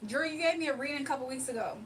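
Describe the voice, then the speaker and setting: Talking very fast in a high voice, a woman runs a casual livestream, joking around with her chat and laughing frequently. She's picked up from a distance, with faint background noise.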